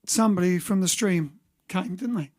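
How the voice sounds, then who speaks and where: A man's voice: high voice, moderate pace, darkish tone. A man hosting his band's livestream in a cheerful, rambling, self-mocking way. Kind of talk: casual livestream chat.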